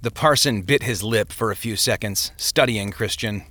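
A man's voice: fairly low pitch, moderate pace, bright, forceful tone, no room sound. A man narrating a story as an audiobook, telling it expressively.

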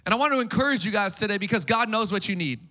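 A man preaching an Easter sermon to a congregation, energetic and casual, with call-and-response. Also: high-pitched, rapid-fire. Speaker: pastor.

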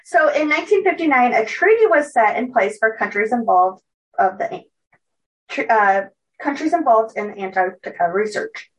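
A woman co-hosting a podcast, telling a true story casually from her notes, with many fillers and quick self-corrections. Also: a little high, animated, recorded from a distance, highs cut off.

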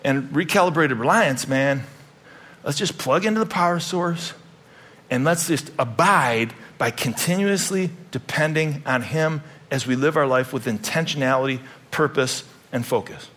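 A man's voice: on the high side, moderate pace, fairly bright tone. A middle-aged man preaching a sermon as pastor, with joking, rambling asides and playful self-deprecation.

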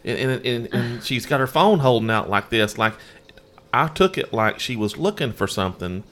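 A man's voice: medium pitch, expressive, moderate pace, a bit bright. A man co-hosting a casual chat, telling a story animatedly and mimicking voices. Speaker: co-host.

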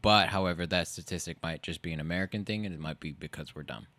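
Bright, low-voiced rambling podcast guy. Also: fast. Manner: rambling, profane, explains at length. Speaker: podcast co-host, comedian. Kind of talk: casual podcast chat.

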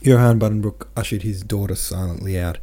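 Low-voiced man reading a novel aloud. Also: brisk. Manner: relaxed, chatty asides. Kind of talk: casual commentary and audiobook reading.

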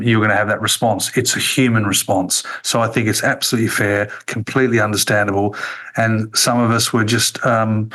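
Middle-aged man, low register, thoughtful interview guest who hesitates often. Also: fairly bright tone, low-quality recording. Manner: reflective, frequent ums and restarts. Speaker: interview guest, former radio executive. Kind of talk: conversational interview.

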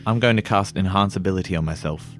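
A man playing a tabletop game, playful and animated. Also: deep voice, fast talker, soft background music. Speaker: player. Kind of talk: casual tabletop play.

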